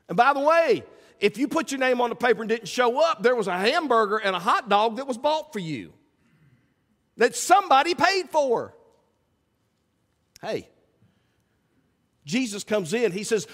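A man preaching a sermon as pastor, swinging from loud calls to hushed asides. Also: high voice, lively intonation, normal speed. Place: church sanctuary. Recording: church sanctuary with long reverb.

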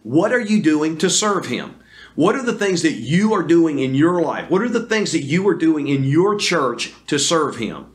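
A man preaching a sermon on video as pastor, earnest and deliberate, with many fillers and restarts. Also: on the high side, sing-song. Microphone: camera recording.

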